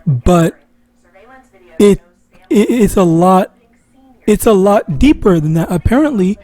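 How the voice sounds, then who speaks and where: A man's voice: high-pitched, lively intonation, takes it slowly, dark tone, no echo. A man teaching an informal religious lesson, rambling and correcting himself as he goes. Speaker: online Bible teacher.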